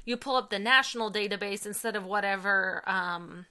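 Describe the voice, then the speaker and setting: A woman's voice: mid-range voice, fairly quick, pushed and bright. A woman in her thirties chatting casually as a podcast co-host, enthusiastic and full of fillers. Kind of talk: casual chat.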